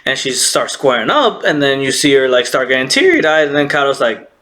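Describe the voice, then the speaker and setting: Excitable man recapping an anime episode. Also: medium pitch, fairly quick. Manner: excitable, laughs often, acts out characters' lines.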